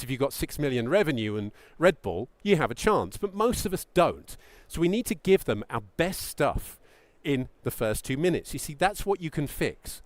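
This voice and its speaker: Animated, emphatic male pitch coach. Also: dry recording. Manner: animated, emphatic, acts out mock founder quotes. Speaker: pitch coach giving a talk. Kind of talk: presentation talk to founders.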